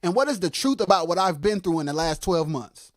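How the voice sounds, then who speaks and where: A livestream co-host giving impassioned commentary on music production. They get fired up and shout, then drop into quiet asides, and repeat phrases for emphasis. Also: mid-range voice, lively intonation, brisk, dry recording, studio quality. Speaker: co-host of a live music talk stream.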